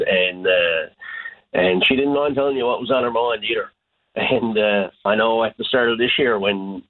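A man with a fairly low voice comes through a tinny phone line, talking haltingly. He keeps restarting his sentences, with plenty of fillers, as a coach being interviewed. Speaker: hockey coach.

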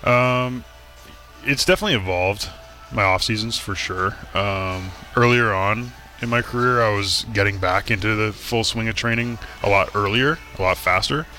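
Low-ish guy with a bright edge, chatting loose, lots of ums, football player guest. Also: faint music behind. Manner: relaxed, halting with fillers. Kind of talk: casual interview chat.

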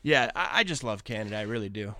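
A man's voice: lowish voice, lively intonation, fast talker, pushed and bright, dry recording, studio quality. A man from Pittsburgh, a traveling content creator, telling stories as a guest in an interview and acting out what people said to him. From Pittsburgh, USA. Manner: enthusiastic storyteller, acts out quotes. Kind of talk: animated interview chat.

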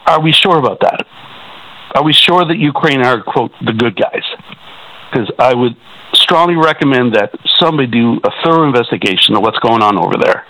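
A worked-up Canadian man calling a radio show, his voice bright and forceful. He trips over his words and restarts often as he argues. It sounds like a radio phone-in broadcast. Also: medium pitch, lively intonation, brisk, low-quality recording. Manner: agitated, repetitive, stumbling restarts. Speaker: caller. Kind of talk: call-in radio talk.

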